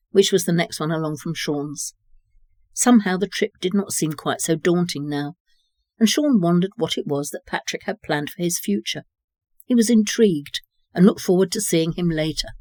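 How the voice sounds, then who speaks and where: A narrator reading a story in a measured, even way. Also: mid-range voice, no echo. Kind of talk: audiobook narration.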